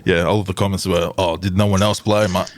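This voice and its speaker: A man's voice: sits low, level tone, fairly quick, a little hiss or hum. Laid-back man hosting rugby chat. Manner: laid-back, says "mate" constantly. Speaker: podcast host.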